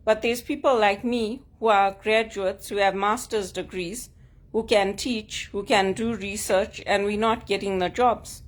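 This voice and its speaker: A woman's voice: medium pitch, fairly even intonation, unhurried. A woman vlogging at home, talking frankly and with grievance in short emphatic statements. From Zimbabwe. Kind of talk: personal vlog monologue. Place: at home, sitting on a couch.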